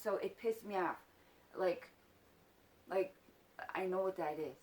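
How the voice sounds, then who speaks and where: A woman's voice: on the low side, measured pace, a little mellow. A woman in her forties tells an emotional personal story. She swears freely, her voice rises when she is angry and drops almost to a whisper. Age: 40s.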